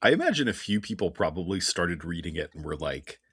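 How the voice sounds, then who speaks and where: A man with a low voice and lively ups and downs, co-hosting a podcast as a casual chat. His humor is dry and deadpan. The sound is close and dry. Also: a little fast, slightly rough, no room sound. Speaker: podcast co-host.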